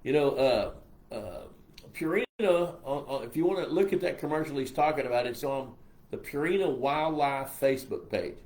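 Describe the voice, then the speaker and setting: A man's voice: medium pitch, moderate pace, darkish tone. Folksy older Texan man, rambling. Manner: folksy, rambling, reads comments aloud. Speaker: host answering viewer questions. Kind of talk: casual live-stream chat.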